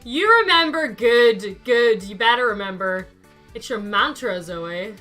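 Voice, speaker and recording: A woman's voice: fairly high pitch, lively intonation, a little slow, pushed and bright, faint music behind. A young woman chatting casually to her live-stream viewers while playing a game, thinking aloud and answering chat by name.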